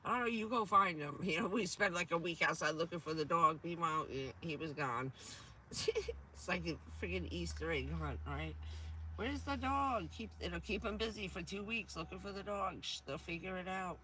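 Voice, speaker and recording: A woman with a hoarse, stuffy voice from a cold, chatting casually on a vanlife livestream from her van, laughing often and answering her viewers. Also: lowish voice, brisk, bright, forceful tone, a little hiss or hum. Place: inside a camper van.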